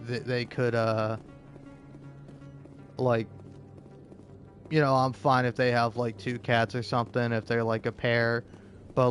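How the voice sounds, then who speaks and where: A young man in casual, rambling chat, stammering, repeating words and swearing offhandedly. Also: mid-range voice. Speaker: vlogger.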